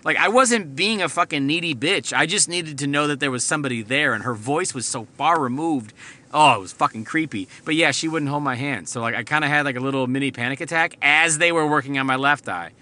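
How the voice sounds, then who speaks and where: A man's voice: on the high side, a little fast, bright, forceful tone. A man hosting a podcast, telling a rambling, profane story from inside his car. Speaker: podcast host. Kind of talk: casual storytelling monologue.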